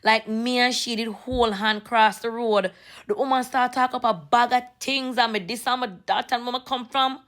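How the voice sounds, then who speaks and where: A young woman casually telling a story, animated and slipping into patois. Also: on the high side, moderate pace. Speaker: vlogger.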